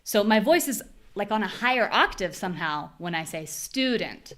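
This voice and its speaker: An American woman teaching a live online pronunciation class, modeling words with clear, exaggerated stress. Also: mid-range voice, lively intonation, normal speed, fairly bright tone.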